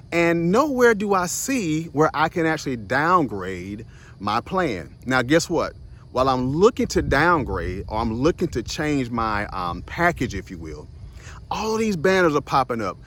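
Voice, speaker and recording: A young man with a slightly high voice and moderate pace hosts a short motivational video series, casually telling a personal story. He's animated and chatty, laughs a lot, acts out other voices, and speaks right to his viewers, calling them "y'all" and "guys."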